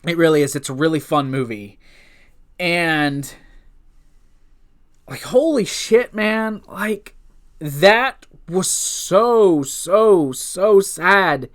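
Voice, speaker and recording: A man's voice: a little high, expressive, drawn-out words, a bit bright. A man giving a casual, unscripted movie review, rambling with restarts and swearing freely as an eager fan.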